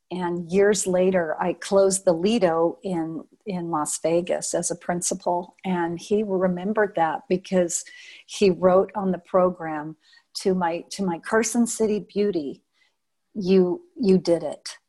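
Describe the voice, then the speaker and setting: Unhurried and fairly low in pitch, a former showgirl dancer from Nevada, now older, reminisces during an interview. She tells her stories vividly, playing out the quotes, and often starts her sentences over.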